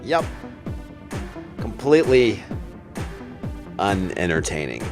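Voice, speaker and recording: A man giving a casual, sarcastic and profane comic book review with deadpan jokes. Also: lowish voice, slow pace, over music.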